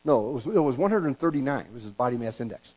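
A man's voice: mid-range voice, big pitch swings, fast talker. A middle-aged man preaching a sermon as pastor, folksy and joking, with stumbling restarts and acted-out quotes. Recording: dull lo-fi recording with hum.

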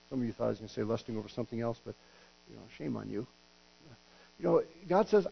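A man's voice: medium pitch, quick pace, gravelly, pauses often. A middle-aged man preaching a sermon as pastor, folksy and joking, with stumbling restarts and acted-out quotes. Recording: dull lo-fi recording with hum.

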